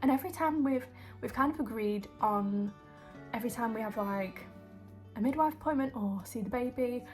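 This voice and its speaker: A woman's voice: a little high, moderate pace, a little mellow, soft background music. A young woman, vlogging in a rambling, emotional, casual way with lots of fillers. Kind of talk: casual chat.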